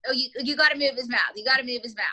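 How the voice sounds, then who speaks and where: A woman ventriloquist teaching a beginner in an upbeat, coaching way with quick asides. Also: high-pitched, sharp tone.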